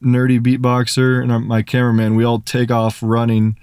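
Animated young man, dry close sound. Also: mid-range voice, fairly quick, clear, resonant tone, no echo. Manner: animated, filler-heavy retelling with lots of "like". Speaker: podcast guest. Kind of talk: casual storytelling.

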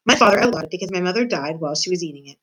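A woman's voice: lowish voice, animated, very fast, slightly rough, rough recording. A woman reading aloud and voicing a kind, polite young princess. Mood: gentle. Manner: polite and gentle.

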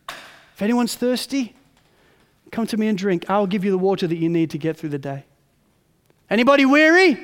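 A man's voice: high voice, long reverb tail. Man preaching a sermon with big swings. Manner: swings from soft murmurs to loud ringing emphasis. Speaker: pastor.

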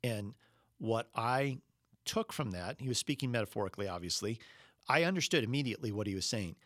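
A middle-aged man preaching a sermon, telling a personal story earnestly and slowing down when he quotes Jesus. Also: mid-range voice, animated, fairly bright tone, dry recording, clean studio sound. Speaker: pastor.

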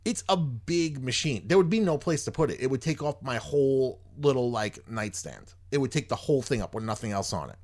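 A man's voice: mid-range voice, animated, a little fast, hardly any pauses, a little mellow. A man hosting a podcast, telling a long story in casual chat, rambling and exasperated, swearing freely. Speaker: podcast host.

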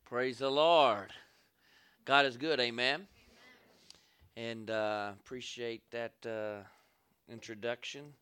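A man's voice: medium pitch, steady tone, takes it slowly, long pauses, fairly bright tone, smooth. A man, a guest pastor opening his sermon in a church, calling for amens from the congregation. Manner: call-and-response, asks for amens. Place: church sanctuary.

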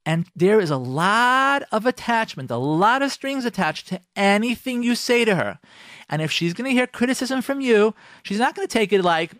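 A man, a rabbi on a radio talk show, giving marriage advice to husbands and acting out their imagined replies in quick asides. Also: high-pitched, expressive, a bit bright, no room sound, clean studio sound. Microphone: close studio microphone.

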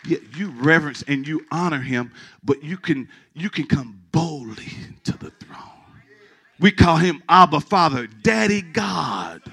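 This middle-aged pastor's voice runs on the high side, a little slow, creaky and slightly rough. He preaches animatedly and emphatically, repeating and restarting words while joking with his congregation.

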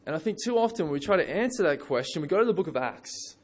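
Conversational male preacher, slightly high voice. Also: fast, husky. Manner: conversational, relaxed, frequent asides. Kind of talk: sermon.

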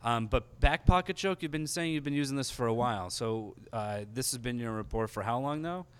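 A man's voice: mid-range voice, clear, resonant tone. A male podcast host, enthusiastic and casually swearing in an interview. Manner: enthusiastic, swears casually, quick filler-heavy talk.

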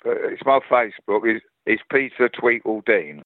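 This older man, a Cockney-accented guest actor from London, England, rambles through anecdotes in relaxed conversation, lively and prone to restarts. The pitch is fairly low and the pace moderate. The phone-quality audio has no echo.

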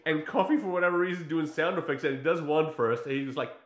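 A man with a fairly high, fast voice recaps a film casually for a podcast, telling it with energy and acting out the lines he quotes. He swears freely, and the sound is reverberant.

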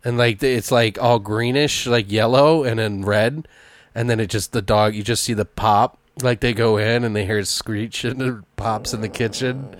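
A man in casual chat, brainstorming a story with a friend, talking in an animated, profane way and acting out the characters. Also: lowish voice, moderate pace, no echo.

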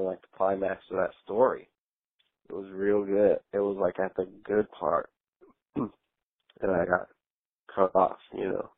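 A man's voice: on the low side, dry recording. A man leaving a rambling, chatty voicemail for a call-in show. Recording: tinny phone line, dry.

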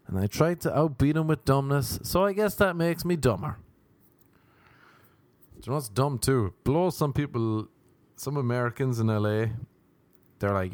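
A man in his thirties, a comedian hosting his own podcast, rambling wryly through a casual monologue and jumping into high voices for quoted asides. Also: animated, normal speed, darkish tone, no echo.

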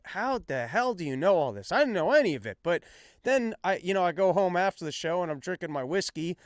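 A man's voice: fairly high pitch, no echo, clean studio sound. A man who is a stand-up comedian hosting his own show, talking in a casual, rambling, self-mocking monologue with stumbling restarts. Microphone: self-filmed on action camera.

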